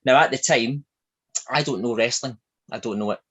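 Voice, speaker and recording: A man with a thick Glaswegian accent tells stories in a casual podcast interview. He talks in an animated, chatty way at a middling pitch. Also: normal speed, breathy edge, low-quality recording. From Scotland. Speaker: guest, wrestling shop owner.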